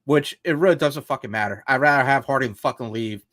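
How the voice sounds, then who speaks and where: A man's voice: medium pitch, a little fast, a bit bright. A man co-hosting a casual sports podcast, ranting in a frustrated, profane, rambling way. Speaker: podcast co-host.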